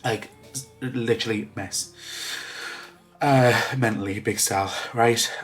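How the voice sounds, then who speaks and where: A man records a casual vlog while crying, his words halting and full of restarts and fillers. Faint music plays behind him. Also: lowish voice, steady tone. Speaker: vlogger.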